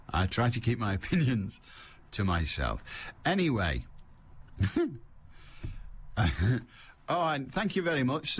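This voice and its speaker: Older Mancunian phone-in host, wry comic patter, animated delivery. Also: male voice, lowish voice, slight background noise. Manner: wry, teasing, laughs at his own jokes. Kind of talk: comic radio monologue. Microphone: studio microphone.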